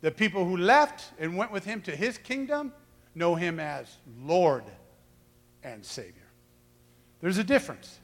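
A man preaching a lively sermon, acting out quoted voices and shouting for emphasis. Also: high voice, unhurried, long pauses, long reverb tail. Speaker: pastor.

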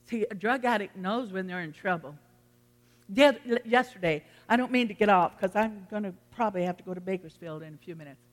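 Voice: medium pitch, a little fast. A pastor preaching a sermon in a folksy, earnest storytelling manner, addressing the congregation from the front of a church. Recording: long reverb of a hall.

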